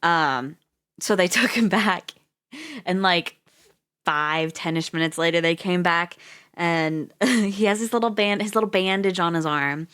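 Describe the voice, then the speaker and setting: A woman's voice: on the low side, measured pace, fairly bright tone, clear, resonant tone. A woman streamer chatting casually on a reading livestream, rambling and chatty, laughing often and swearing freely.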